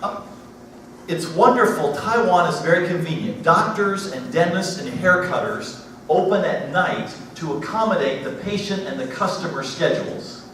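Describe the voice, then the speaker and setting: A man's voice: sits high, normal speed, fairly bright tone. A man giving a genial church slide talk, chuckling now and then at his own stories. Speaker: missionary speaker. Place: church sanctuary. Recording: echoey hall, distant mic, faint hiss.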